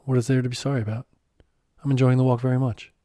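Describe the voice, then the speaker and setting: Serene wise guide, unhurried and gently teasing, read by a man, warm low tone, dry sound. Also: flat delivery, no room sound, natural voice. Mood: calm. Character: calm wise male mentor and guide.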